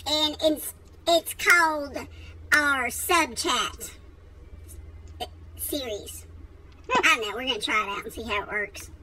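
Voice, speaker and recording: A woman's voice: high-pitched, slow pace, pauses often, pushed and bright, a little hiss or hum. A Texan woman hosting a casual screen-share tutorial, folksy and chatty, laughing easily as she walks through each step. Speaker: host giving a software tutorial.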